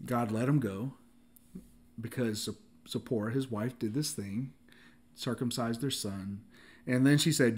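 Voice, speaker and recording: A man giving a casual sermon, animated, often laughing and acting out the dialogue of the story, with frequent restarts and filler words. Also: mid-range voice, unhurried, pauses often. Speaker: preacher.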